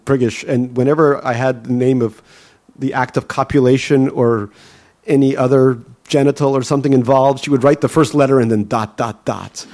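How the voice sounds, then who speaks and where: A man from Russia, now a writer, answers questions with dry humor and plenty of pauses and restarts. His voice has a gravelly, creaky edge at a middle pitch. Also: darkish tone. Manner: wry, musing, with many fillers and restarts. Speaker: author, interview guest. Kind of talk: conversational interview answers.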